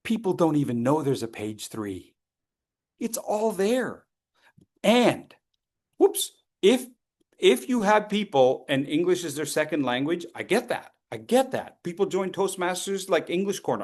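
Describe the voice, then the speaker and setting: A man teaching as a speech coach, lively and playful, acting out his students and throwing in sound effects. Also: sits high, measured pace. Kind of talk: lively training talk.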